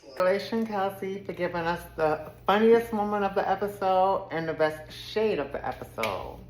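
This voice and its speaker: Woman, casual sassy recapper, mid-pitched, in an echoey room. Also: normal speed, slight background noise. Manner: sassy, expressive storyteller who laughs often. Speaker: reality TV recap YouTuber. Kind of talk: casual episode recap with commentary.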